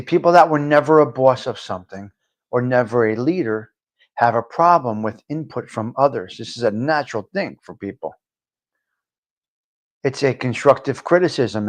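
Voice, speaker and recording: A man hosting a live-stream talk show, giving a blunt, profane monologue that swings from low muttering to loud outbursts. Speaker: livestream talk show host.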